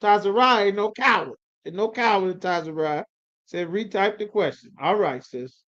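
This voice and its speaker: A man with a fairly high voice runs a live online scripture class, calling on students and teasing them in loose, slangy talk. The audio is dull and lo-fi, like a stream through a video call. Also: normal speed, a bit bright. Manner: calls on students, chiding and coaxing, slangy. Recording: lo-fi livestream audio.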